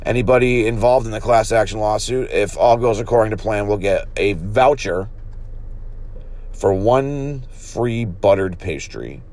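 A man hosting a comedy podcast, rambling along in a deadpan, hesitant chat. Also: fairly low pitch, measured pace.

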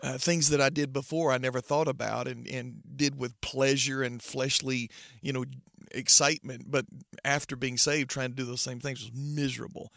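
Gravelly middle-aged pastor, earnest. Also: male voice, medium pitch, steady tone, fairly bright tone, no room sound, clean studio sound. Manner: earnest, halting with many restarts. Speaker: pastor, interview guest. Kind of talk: personal testimony in conversation.

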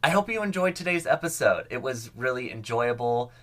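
A bright, forward-sounding young man narrating a history podcast in a casual, chatty way. He sounds eager about the subject, with mid-range pitch. Relaxed, conversational delivery throughout. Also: brisk. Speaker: podcast host.

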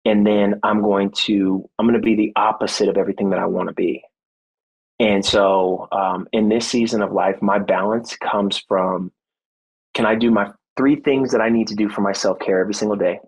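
Husky lowish man, thirties, ex-football guy telling his story on a podcast, earnest, acts out the quotes. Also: steady tone, moderate pace, rough recording. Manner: faith-centered, reflective. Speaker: guest, former football player and motivational speaker.

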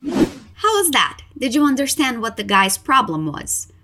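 A woman teaching English in a podcast lesson, explaining clearly and encouraging listeners to repeat out loud. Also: sits high, sing-song, a little slow, a little hiss or hum.

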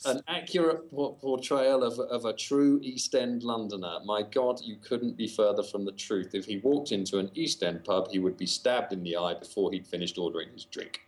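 A Northern English man speaks in a lowish voice as a podcast guest. He talks in halting runs, with fillers and false starts, and slips in dry jokes. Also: a little mellow. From Northern England. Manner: hesitant, many fillers and restarts, dry humor. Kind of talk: casual podcast chat.

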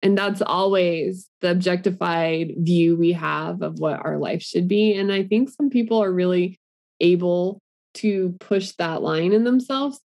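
A woman's voice: lowish voice, measured pace, a little mellow. A woman co-hosting a podcast, musing casually and enthusiastically. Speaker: podcast co-host. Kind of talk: casual conversation.

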